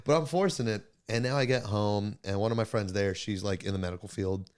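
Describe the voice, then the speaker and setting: A young man co-hosting a podcast in casual chat, a bit hoarse, laid-back, swearing often and laughing a lot. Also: fairly low pitch, a little fast. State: hoarse from laryngitis. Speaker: podcast co-host.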